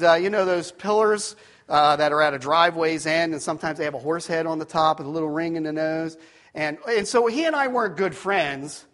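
A middle-aged man preaching, telling a personal story with many asides and restarts. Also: high voice. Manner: rambling storyteller, drops to quiet tones for serious moments.

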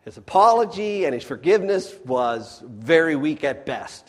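A man preaching a sermon in a folksy way, swinging between loud emphatic bursts and hushed near-whispers. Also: on the high side, sing-song, normal speed, few pauses. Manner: folksy, addresses the crowd as folks. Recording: long hall reverb.

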